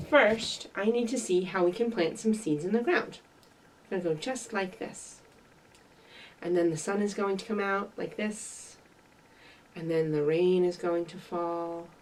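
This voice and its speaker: Lively woman reading story time, big pitch swings, mic set back. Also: far from the mic, rough recording. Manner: bright, sing-song, animated. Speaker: children's librarian.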